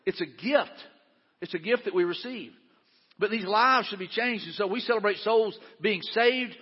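A man's voice: sits high, husky, in a large hall, lo-fi sound. A middle-aged male pastor preaching a sermon in an earnest, conversational way, often saying "man" and restarting his sentences.

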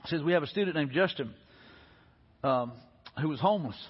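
A pastor preaching a sermon, earnest and repetitive, building to emphatic peaks. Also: male voice, on the high side, lively intonation, fairly quick, breathy edge. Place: church sanctuary. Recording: dull reverberant church hall with faint music.

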